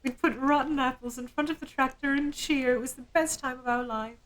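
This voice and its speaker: A woman voicing an ancient, centuries-old spirit that relishes mirth, in a theatrical, drawn-out manner. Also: sits high, fairly even intonation, voice pushed up, natural voice, poor audio. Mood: gleeful.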